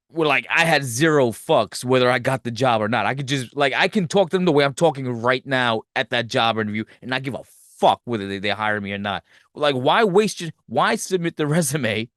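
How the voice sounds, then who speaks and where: A man hosting a podcast, giving a profane, animated movie review rant. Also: mid-range voice, no room sound, studio quality. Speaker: podcast host.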